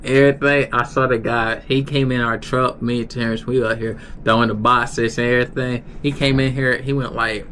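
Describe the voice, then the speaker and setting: A young man on a live stream tells a story casually, with a mid-range voice. He rambles and restarts often. A faint steady noise sits behind him. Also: medium pitch, moderate pace, few pauses. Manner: rambling, many restarts and fillers. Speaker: livestreamer.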